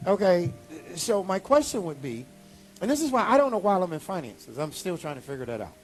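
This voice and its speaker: Pastor guy preaching animated, voice jumps way up, soft music under it. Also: a little fast. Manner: animated preaching with sudden high exclamations. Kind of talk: sermon.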